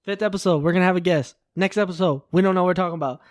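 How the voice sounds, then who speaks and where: A man's voice: high-pitched, very fast, dry recording, studio quality. A young man co-hosting a podcast, chatting casually in a joking, teasing, rambling way. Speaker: podcast co-host. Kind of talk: casual chat.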